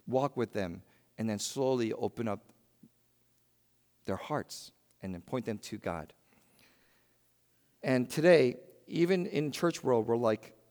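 A man preaching a sermon in a church, swinging between loud emphatic bursts and hushed, quiet lines. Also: medium pitch, big-room sound. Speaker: pastor.

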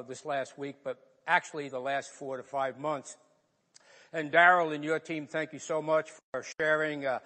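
Older New York pastor preaching in a hall. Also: male voice, a little high, a bit bright. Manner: personal storytelling, earnest and emotional. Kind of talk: sermon. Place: church sanctuary. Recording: long reverb of a large hall.

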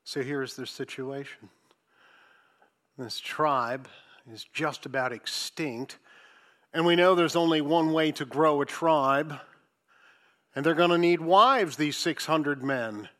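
A man preaching a sermon, reading scripture and commenting with sarcasm, swinging from loud emphasis to hushed asides. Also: on the high side, slow, long pauses.

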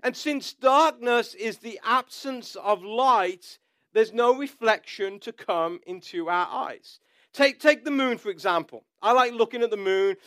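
A man's voice: sits high, unhurried, a bit bright, no room sound. A man giving a sermon as a pastor, telling stories in a conversational way with asides.

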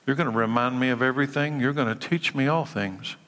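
A bright, forceful male pastor delivering a sermon with emphatic conviction. He swings between urgent declarations and hushed, quiet passages. His voice rings out with a long hall reverb. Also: medium pitch, fairly quick. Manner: emphatic preaching, drops to hushed tones for stories.

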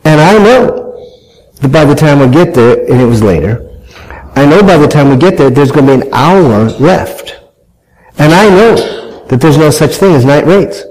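Lively storytelling father. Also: a little high, moderate pace, poor audio. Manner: animated, self-mocking, acts out family members' voices. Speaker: father telling a family story to an audience. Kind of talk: humorous storytelling talk.

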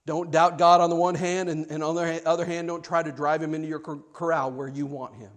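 A male pastor with a notably high voice preaches to his congregation. He tells the story with building excitement and gets louder as it goes, then drops to a soft, slow hush for the prayer. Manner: animated storyteller, rising loud in the tale, hushed and slow in prayer. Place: church sanctuary, live streamed.

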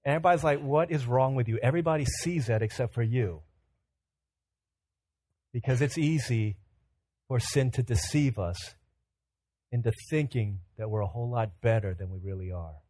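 A pastor giving a sermon, telling humorous self-mocking stories with animation, then turning earnest and quieter as he exhorts. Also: mid-range voice, moderate pace, long pauses, no echo.

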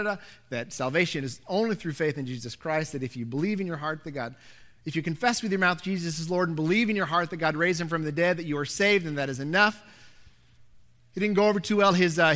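A middle-aged man preaching a sermon, telling a personal story in an animated way, going from loud to hushed. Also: sits high. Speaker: pastor.

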